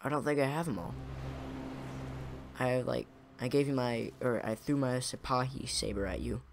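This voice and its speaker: A man's voice: mid-range voice, fairly even intonation, moderate pace, vocal fry. A young man giving casual, rambling commentary over his own gameplay, often correcting himself mid-sentence. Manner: rambling, self-correcting, chuckling. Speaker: gaming YouTuber. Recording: audible background noise.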